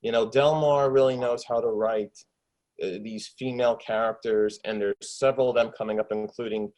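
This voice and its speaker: Speaking from home in a casual interview, a male actor and filmmaker talks enthusiastically and rambles, full of fillers and restarts. His voice is lowish, steady, and darkish at a moderate pace, captured with poor audio on a desktop USB microphone with a pop shield.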